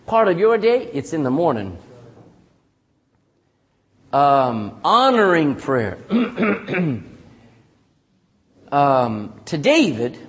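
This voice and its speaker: A man pastor preaching a sermon, animated and calling out for "amen" from the congregation. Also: high voice. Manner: animated preaching with frequent call-and-response "amen".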